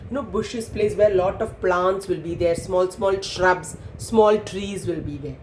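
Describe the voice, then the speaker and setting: A woman telling a story to children in an animated way, stopping to explain things. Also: lowish voice, measured pace. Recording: echoey room, faint noise.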